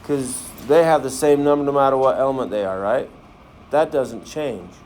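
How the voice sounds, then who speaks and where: In a classroom, a man runs a science demonstration, peppering his students with questions and cracking jokes along the way. His voice is medium-pitched and somewhat dark, delivered at a normal pace, with a faint hiss or hum in the recording.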